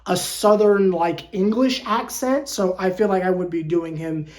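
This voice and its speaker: Talking a little slowly in a mid-range, darkish voice, a channel host delivers a casual fan commentary rant to camera. He jokes, uses slang and stumbles into repeats and restarts. The recording has a roomy echo.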